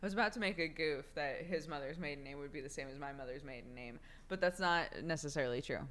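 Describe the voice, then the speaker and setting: A woman's voice: sits low, quick pace, a bit bright. A woman streamer, sick, chatting casually and giggling often as she reads out names. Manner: giggly, laughs often while reading out names. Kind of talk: casual live-stream chat.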